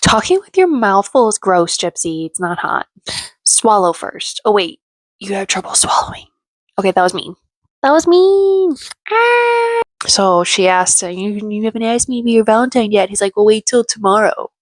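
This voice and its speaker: A woman's voice: mid-range voice, normal speed, no echo. Snarky woman recapping reality TV. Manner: sarcastic, snarky asides. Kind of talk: casual commentary.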